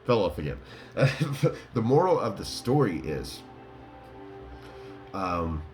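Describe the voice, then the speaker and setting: A man's voice: sits low, very animated, slow, a little mellow, faint music behind. A man casually telling his viewers a rambling story, laughing and full of fillers. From Colorado. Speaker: vlogger.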